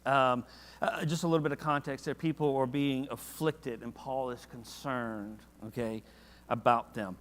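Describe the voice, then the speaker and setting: A man's voice: mid-range voice, measured pace, big-room sound, a little hiss or hum. A man leading a church Bible study in a casual, conversational way, often asking the class questions. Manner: conversational, asks the class questions, animated when reading verses.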